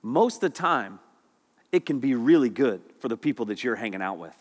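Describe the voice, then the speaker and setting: A middle-aged man preaching and telling jokes as a youth pastor, full of animated stories. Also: medium pitch, brisk. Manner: animated, joking storyteller. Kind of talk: sermon. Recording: long hall reverb.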